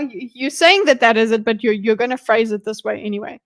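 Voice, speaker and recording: A woman streamer with a slightly high voice chats casually while breaking down a debate. She reads lines aloud, mutters notes to herself and drops joking asides. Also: a little fast, few pauses. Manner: chatty, muttering asides while reading along. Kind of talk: casual livestream commentary.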